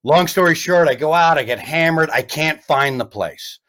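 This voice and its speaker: A comedian guest telling a story in casual chat, rambling and animated with lots of restarts. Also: male voice, a little high, normal speed.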